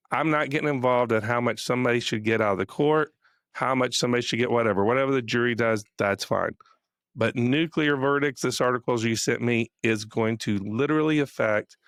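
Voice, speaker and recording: A man co-hosting a podcast, telling a story in a casual, animated way, acting out quotes and laughing often. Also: mid-range voice, dry recording, studio quality. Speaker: podcast co-host.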